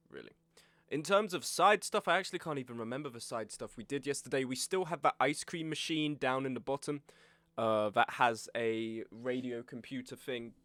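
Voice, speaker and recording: A man's voice: medium pitch, a bit bright, no room sound. Young male streamer with a sore throat, wry and chatty, on a dry close mic. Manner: chatty, wry, reads chat aloud while eating. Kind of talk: casual game stream commentary.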